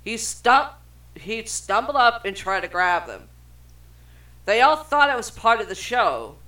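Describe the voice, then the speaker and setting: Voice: medium pitch, big pitch swings, a little slow, sharp tone. A young adult podcast co-host reading film trivia aloud in casual chat, swearing freely and stumbling over words.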